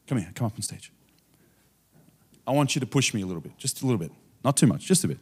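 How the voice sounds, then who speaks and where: A man with an Australian accent preaching a sermon on stage, moving between soft, chuckling asides and loud, emphatic points. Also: medium pitch, fast, pauses often, breathy edge. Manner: animated, swinging from soft asides to loud emphasis, often laughing. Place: on stage before a congregation.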